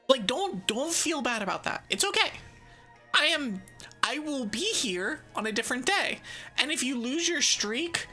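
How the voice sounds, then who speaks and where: A woman's voice: high-pitched, sharp tone. A woman streaming live and chatting casually with her viewers. She is bubbly and jokey, with a sarcastic edge, and laughs often. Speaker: VTuber streamer.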